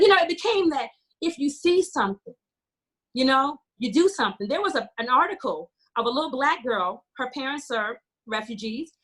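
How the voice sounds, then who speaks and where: Passionate high-voiced American woman. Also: a bit bright, husky. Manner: passionate, storytelling with quoted dialogue. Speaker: community organizer.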